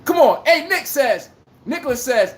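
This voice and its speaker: A man hosting a sports podcast livestream, taunting rival fans in heated talk to his live chat and shouting some lines. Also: extremely high pitch, very animated, normal speed, roomy sound, low-quality recording. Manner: brash trash-talking, taunting, shouts out lines.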